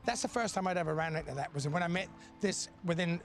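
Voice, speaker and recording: A man telling blunt, animated stories about his childhood, swearing freely. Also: on the high side, fast talker. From Australia. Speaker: interviewee. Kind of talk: casual storytelling.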